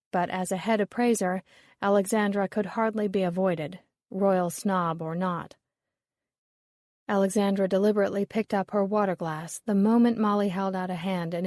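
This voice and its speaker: A woman's voice: mid-range voice, a little mellow, no echo, studio quality. Woman narrating a mystery audiobook.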